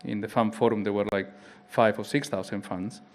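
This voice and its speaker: A man's voice: on the low side, fairly even intonation. A man from Spain, a racing driver who speaks English with a Spanish accent, answering reflectively at a press conference, often restarting his phrases. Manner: halting, reflective, with frequent restarts.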